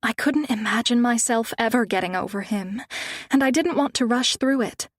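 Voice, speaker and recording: A woman narrates a romance audiobook in first person. Her reading is measured and wistful. Her voice sits on the higher side, and the sound is dry and close, with no room echo.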